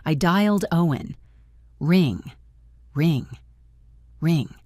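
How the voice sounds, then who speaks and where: A woman narrating a first-person family drama story in a measured, dramatic way. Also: low voice, lively intonation, warm tone, no echo, studio quality.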